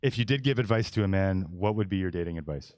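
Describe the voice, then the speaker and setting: A man's voice: deep voice, quick pace, a little mellow, dry recording, studio quality. A man in his forties hosting a casual podcast panel, talking bluntly and rambling with many restarts. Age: 40s. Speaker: podcast host.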